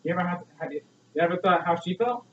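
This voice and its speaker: Young male student, high voice, delivering an earnest persuasive speech with many rhetorical questions; distant, echoey, dull lo-fi recording. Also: quick pace, slight background noise. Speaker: student speaker.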